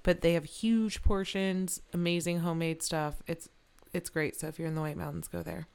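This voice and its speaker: A woman's voice: on the low side, steady tone, normal speed, creaky, darkish tone, clean tone. A woman co-hosting a casual podcast, gushing and enthusiastic, laughing easily as she chats. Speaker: podcast co-host. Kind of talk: casual chat.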